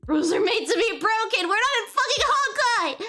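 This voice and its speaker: A woman's voice: very high voice, lively intonation, a little fast, loud music behind the voice. A woman whose first language is French, giggling and playfully sidetracked as she teaches French on a casual live stream. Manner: giggly, playful, easily distracted.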